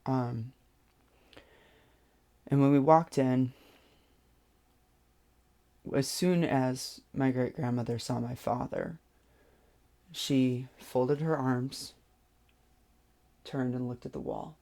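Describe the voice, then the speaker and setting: Slow, gravelly, hesitant storyteller. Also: mid-range voice, mellow. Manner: hesitant, many pauses and restarts. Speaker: vlogger. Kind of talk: personal storytelling.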